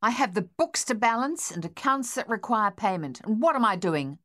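A woman voicing a harsh, furious, domineering older husband who shouts and blusters, in an audiobook. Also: high voice, normal speed.

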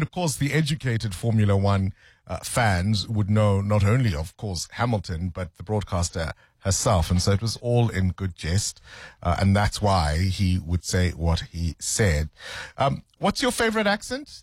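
A man hosts a radio show in a dry, close-miked studio. His voice sits on the low side with a husky, breathy edge. He talks casually and laughs easily. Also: no room sound. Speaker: radio host.

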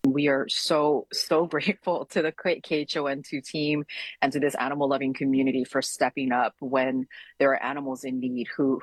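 A woman's voice: extremely low pitch, slightly rough, no echo. A woman speaking for an animal shelter in a heartfelt, emotional interview soundbite.

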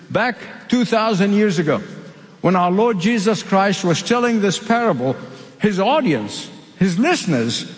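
High-voiced preacher from the Middle East. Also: male voice, sing-song, unhurried. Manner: emphatic, repeats key phrases. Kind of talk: sermon. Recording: long hall reverb.

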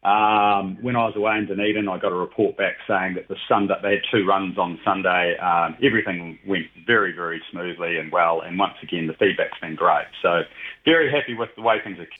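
A man's voice: low-pitched, brisk. A middle-aged man chatting casually on radio as a regular guest, rambling with many fillers. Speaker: regular guest, heritage train operator. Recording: tinny phone line.

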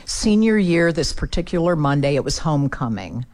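A middle-aged woman speaking as a guest, telling a heartfelt story in an earnest way and dropping her voice low for the sad parts. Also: very animated, normal speed, darkish tone. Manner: earnest, builds emotion, drops low for sad moments.

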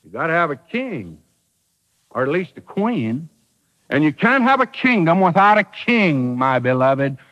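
A man delivers a radio sermon in a folksy, emphatic style, his high voice swooping up and down. He acts out quoted speakers with drama. The sound comes from an old broadcast recording with a long hall echo. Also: very animated, unhurried, fairly bright tone, highs cut off. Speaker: preacher.

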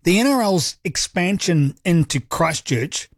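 A man's voice: high-pitched, lively intonation, measured pace, no room sound, studio quality. A man with a New Zealand accent hosting a sports talk radio show, upbeat, chatty and jokey. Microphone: studio microphone.

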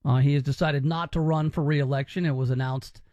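A man's voice: on the high side, steady tone, fairly quick, a little mellow, dry recording, lo-fi sound. A man hosting a political commentary show, talking in a sarcastic, mocking way. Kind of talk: opinionated commentary.

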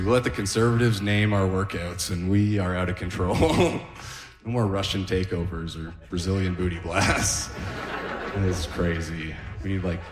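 A man in his thirties doing a rambling, self-deprecating stand-up set, often chuckling at his own jokes. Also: deep voice. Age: 30s. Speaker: stand-up comedian. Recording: roomy reverberant room.

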